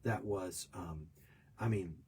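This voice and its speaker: A man's voice: low voice, slow pace, a little mellow, breathy edge. A man in his fifties talking casually on a podcast, telling rambling, reflective stories. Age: 50s. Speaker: podcast host. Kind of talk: casual conversation.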